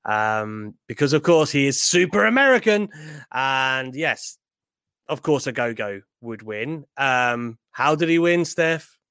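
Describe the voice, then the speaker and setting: A man co-hosting a casual wrestling chat, animated and jokey, with bursts of mock indignation. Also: medium pitch, takes it slowly, clear, resonant tone, dry recording. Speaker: podcast co-host.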